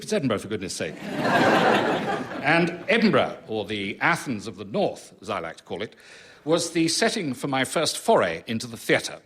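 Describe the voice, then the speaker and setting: Middle-aged guy rambling on stage, dry and self-pitying, lively up-and-down voice, noisy live recording. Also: fairly low pitch. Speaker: comic author performing a show. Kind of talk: comic monologue to a live audience. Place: live theatre audience.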